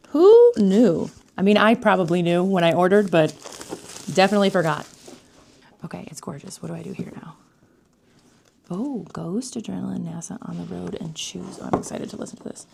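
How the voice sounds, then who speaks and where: A woman vlogger giving casual unboxing commentary, excitable, gasping and often slipping into whispers. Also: fairly low pitch, fairly quick, vocal fry, husky.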